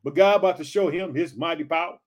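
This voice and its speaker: A man's voice: a little high, fast, muffled recording. A man preaching an informal sermon, reading scripture and calling out to his listeners as family. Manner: energetic, calls out to listeners as family.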